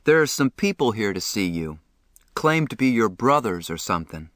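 A man reading the part of a kindly, gently awkward adult man who speaks mildly and hesitantly. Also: fairly low pitch, big pitch swings, normal speed, dry recording, clean studio sound. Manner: hesitant, mild.

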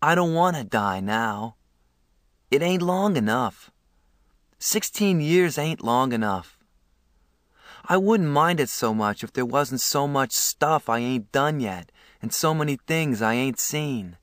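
A man's voice: medium pitch, lively intonation, slow pace, fairly bright tone, no echo, studio quality. A man voicing a scared, badly hurt teenage boy who speaks in a shaky, pleading voice that breaks.

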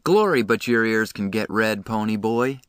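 A man's voice: fairly low pitch, lively intonation, normal speed, clear, resonant tone, dry recording, studio quality, close to an everyday voice. A man reading a tough, cocky teenage hoodlum, offhand and contemptuous, in a storybook reading.

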